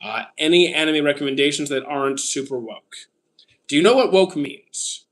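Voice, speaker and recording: A man in his thirties from Canada chats casually with his livestream audience. His voice sits a little high for a man. He picks up viewer questions one at a time and answers them in short, plain replies, often with an "uh" before he starts. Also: lively intonation, moderate pace, a bit bright. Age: 30s. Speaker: streamer answering chat.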